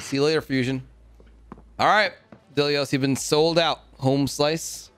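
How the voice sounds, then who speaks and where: A man's voice: fairly high pitch, steady tone, a bit bright, smooth, soft background music. Upbeat man hosting a game stream. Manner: upbeat, announcing players with quick asides. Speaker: game host. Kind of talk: casual streaming commentary.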